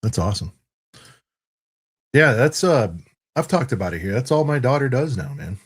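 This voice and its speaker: A man's voice: mid-range voice, big pitch swings, normal speed, slightly rough. A man in his thirties on a review panel, chatting casually and rambling, with lots of "dude" and "like". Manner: rambling and laid-back, full of "dude" and "like". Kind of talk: casual chat.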